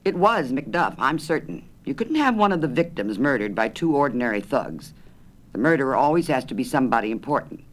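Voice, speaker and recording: Male reader voicing a bossy mystery-mad American woman, pitched up, lively delivery. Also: a little fast, natural voice. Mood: confident. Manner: insistent, eager, know-it-all. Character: chatty, opinionated American woman, mystery-novel fan.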